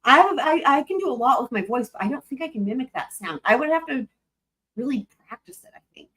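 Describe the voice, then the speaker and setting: A woman's voice: sits high, big pitch swings, fast talker, fairly bright tone, slightly rough. A woman hosting a live stream, chatting casually and laughing while reacting to trial footage, swearing freely.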